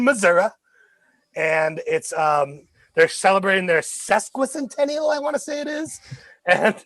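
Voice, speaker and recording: A man's voice: sits high, fairly bright tone, no room sound. A man co-hosting a podcast, chatting about movies with enthusiasm and acting out favorite quotes. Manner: enthusiastic, quotes lines with laughs. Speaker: podcast co-host. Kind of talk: casual movie review chat.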